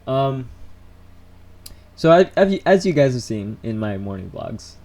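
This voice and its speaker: A young man telling stories on a casual live stream, rambling and animated, full of fillers and restarts. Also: mid-range voice, a little slow. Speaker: vlogger.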